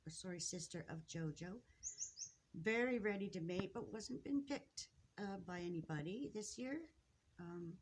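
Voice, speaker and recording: A woman filming her pet finches indoors, talking casually and haltingly, upset and close to tears, often apologizing and restarting. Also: lowish voice, a little hiss or hum. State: tearful, upset. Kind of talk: casual off-the-cuff narration to camera. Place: indoors at home near a birdcage.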